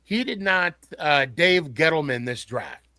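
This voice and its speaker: A man's voice: on the high side, animated, unhurried, pushed and bright, no echo. A man hosting a casual sports podcast, often repeating and restarting words as he builds his point.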